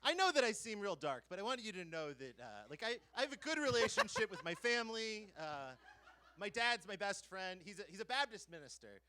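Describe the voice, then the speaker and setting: A man's voice: high-pitched, sing-song, a little fast, bright, forceful tone. A man telling a stand-up story on a live comedy stage, with laughing asides. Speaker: comedian contestant. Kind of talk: stand-up set.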